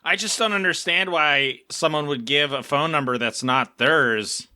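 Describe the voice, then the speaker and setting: A man's voice: on the high side, unhurried, pushed and bright, smooth. A man co-hosting a casual podcast, joking and wry in a skeptical way. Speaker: podcast co-host. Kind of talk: casual chat.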